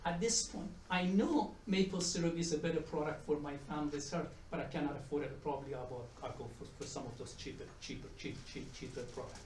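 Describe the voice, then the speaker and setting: Middle-aged guy giving a talk, slightly high voice, heard from across an echoey room, chatty and repeats himself a lot. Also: fast, hardly any pauses, distant mic, noisy background. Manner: chatty, repeats and restarts words, tells jokes. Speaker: economics professor giving a talk. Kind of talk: conference presentation. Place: conference room with audience. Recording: echoey room, mic from afar.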